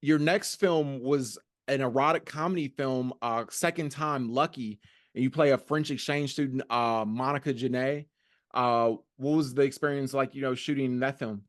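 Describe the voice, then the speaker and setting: A man's voice: mid-range voice, fairly even intonation, normal speed, no echo, clean studio sound. A man hosting an interview, asking plain questions with hesitant uhs. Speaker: interviewer host.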